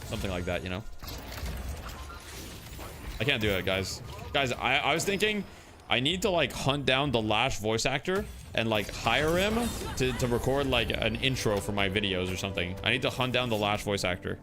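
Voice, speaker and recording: A man's voice: medium pitch, lively intonation, moderate pace, over music. A man from Canada who hosts a stream and gives casual live commentary on a game, joking and swearing now and then.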